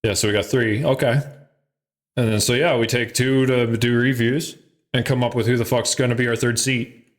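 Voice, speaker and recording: A man's voice: medium pitch, steady tone, normal speed. A man hosting a podcast in casual chat, loose and profane, laughing often. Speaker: podcast host.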